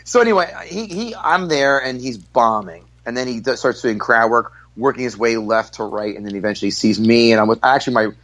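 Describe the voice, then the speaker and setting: A man guest comedian talks fast and loud on a podcast, pushing forward with blunt, profane stories. His voice sits at a middle pitch and comes across direct and forceful. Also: expressive. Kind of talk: casual podcast storytelling.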